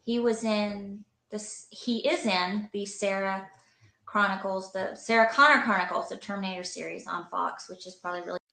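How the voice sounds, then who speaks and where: A woman rambles through a casual movie review, tossing off dry asides about the cast. Her voice rings in an echoey room, and her pitch sits in the middle of a woman's range. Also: fairly even intonation, normal speed, gravelly, bright, forceful tone. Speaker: movie reviewer in an old video.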